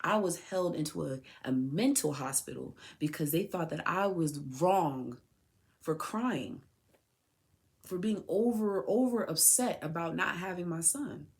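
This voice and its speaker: Woman, lowish voice, impassioned personal monologue, heated, rhetorical questions. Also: animated, measured pace, vocal fry. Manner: heated, repeats and restarts phrases. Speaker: mother addressing her son.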